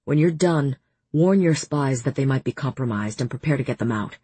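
Female narrator doing a commanding male fae lord, husky, curt orders, storybook reading. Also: rumbling low, animated, normal speed, dark tone, dry recording, exaggerated voice. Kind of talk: audiobook narration.

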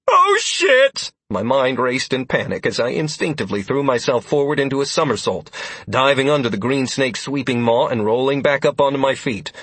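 Male narrator, husky voice, dry close recording, steady storytelling. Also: mid-range voice, dry recording. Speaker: audiobook narrator. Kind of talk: audiobook narration.

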